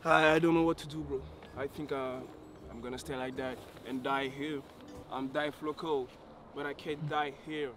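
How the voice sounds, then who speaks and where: A man grumbling through a joking vlog, slangy and whiny, throwing "bro" into almost every line. He slips French words into his English, and his voice sits at a middling pitch. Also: little pitch movement, normal speed, a bit bright, a little hiss or hum.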